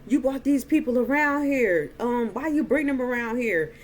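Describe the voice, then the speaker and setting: A woman's voice: a little high, expressive, normal speed, a little mellow, slight background noise, voice pushed up, close to an everyday voice. A woman putting on an angry domineering old father. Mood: angry scolding.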